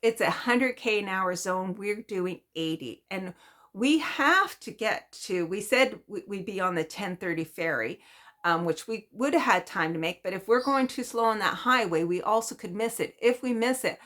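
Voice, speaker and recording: A woman vlogger tells a story in a chatty, animated way and laughs often. Her voice is bright and sits at a middle pitch. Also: normal speed. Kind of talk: casual storytelling.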